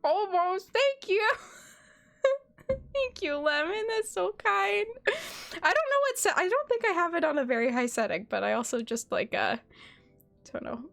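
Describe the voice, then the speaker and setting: A high-pitched young woman chatting on a gaming livestream. She giggles often and pokes fun at herself as she talks. Faint music plays underneath her voice. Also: big pitch swings, normal speed, vocal fry, long pauses, fairly bright tone. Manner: giggly, chatty, self-deprecating. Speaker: streamer. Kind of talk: casual gaming livestream chat.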